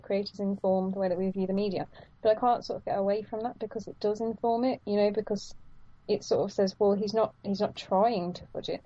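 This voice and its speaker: Mellow woman on a dull lo-fi recording. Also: mid-range voice, dry recording. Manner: thoughtful, questioning, many fillers. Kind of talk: casual film discussion.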